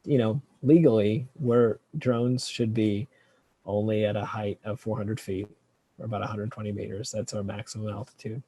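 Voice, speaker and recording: Researcher guest, male, low mellow voice, talks loosely with lots of ums. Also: no echo. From California. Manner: relaxed, hesitant, many fillers and restarts. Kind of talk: casual interview answers.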